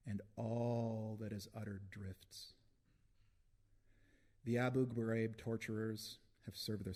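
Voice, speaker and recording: A man reading his own poems aloud at a live book launch, with deliberate phrasing and long pauses between lines. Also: fairly low pitch, dark tone. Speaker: poet reading his work.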